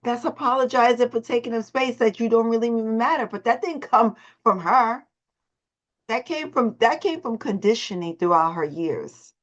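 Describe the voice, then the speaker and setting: A woman's voice: on the high side, animated, moderate pace. A woman leading a motivational morning call, emphatic and repeating her phrases. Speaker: host and voice coach. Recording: dull lo-fi call audio.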